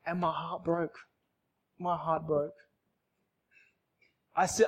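High-voiced man, emotional testimony. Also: little pitch movement, takes it slowly, husky. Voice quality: emphatic and repetitive, swings from loud outbursts to soft near-whispers. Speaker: speaker giving a personal testimony.

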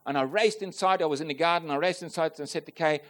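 Male preacher, high voice, heartfelt sermon testimony, talks straight to the congregation. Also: fast talker. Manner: earnest and emotional, swelling loud on key points; addresses the congregation directly with questions. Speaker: preacher giving a personal testimony.

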